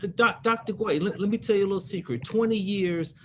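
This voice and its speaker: A man's voice: sits high, fairly quick, slight background noise. A man in his fifties, an attorney on a panel, telling stories emphatically and repeating words to drive points home. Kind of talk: panel discussion.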